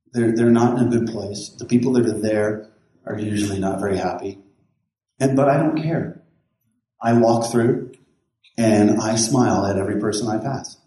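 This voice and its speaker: A man's voice: mid-range voice, dark tone. Folksy pastor man in an echoey room. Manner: rambling, folksy, with many restarts and quoted dialogue. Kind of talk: casual storytelling.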